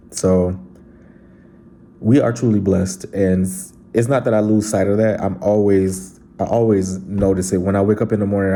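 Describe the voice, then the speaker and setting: Deep and warm, the man's voice carries a casual, earnest chat as he reads viewer comments on his vlog. He addresses viewers directly, sounding sincere and heartfelt.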